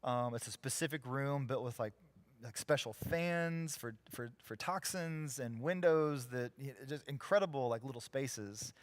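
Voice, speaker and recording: Animated preaching man, dry close sound. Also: medium pitch, measured pace, no echo. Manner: animated storyteller, acts out quoted people. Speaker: pastor. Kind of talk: sermon storytelling. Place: church sanctuary, live.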